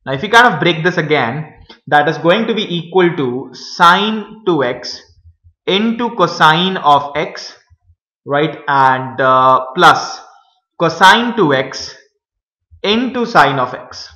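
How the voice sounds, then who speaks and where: A man teaching a math lesson, talking viewers through each step with many pauses and fillers. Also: on the high side, animated, pushed and bright, echoey room, rough recording. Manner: hesitant, many fillers, addresses viewers as guys.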